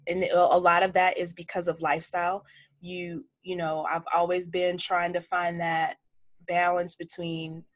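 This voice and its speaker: In a relaxed interview, a forty-year-old woman who works as a chef shares frank, animated stories and voices the people in them. Her voice is on the low side at a moderate pace, and she's in a home office lined with cookbooks.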